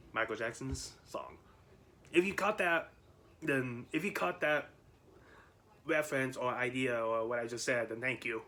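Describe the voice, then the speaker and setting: A man's voice: mid-range voice, measured pace, pauses often, bright, forceful tone. A man vlogging in casual chat, rambling with frequent laughs, restarts and fillers.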